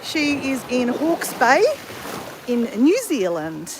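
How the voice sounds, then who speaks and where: A woman's voice: high voice, big pitch swings, a little slow, noisy background. An Australian woman chatting casually to viewers on a livestream from a beach, rambling and correcting herself as she talks. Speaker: livestream vlogger. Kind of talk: casual live chat to viewers. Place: outdoors on a beach.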